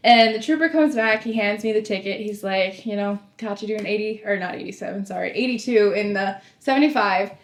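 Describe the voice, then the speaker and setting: A woman's voice: medium pitch, fairly quick, few pauses. A young woman, a former sheriff's deputy telling stories in a casual podcast chat and acting out the dialogue. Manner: animated storyteller, acts out quoted dialogue, laughs often. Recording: echoey room.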